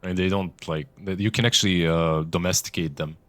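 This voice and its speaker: A man's voice: sits low, fairly even intonation, fairly quick. A man co-casting an esports stream, bantering and laughing with his partner. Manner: laughs often, playful banter. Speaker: esports co-caster. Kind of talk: casual stream chat.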